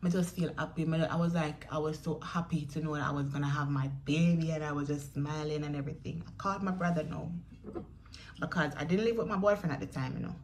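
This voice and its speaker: A woman's voice: deep voice, fairly even intonation, fast, darkish tone, slight background noise. A young Jamaican woman in a chatty storytelling vlog who speaks straight to her viewers. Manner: chatty, addresses viewers directly, acts out quoted voices. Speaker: vlogger.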